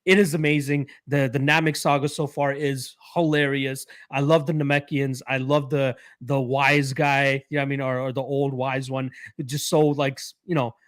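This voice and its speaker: A man's voice: medium pitch, flat delivery, moderate pace, hardly any pauses, no echo. A young man from Canada co-hosting a podcast, chatting casually and rambling with lots of fillers and easy laughs. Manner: laid-back rambling with frequent fillers and laughs. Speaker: podcast co-host. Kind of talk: casual chat.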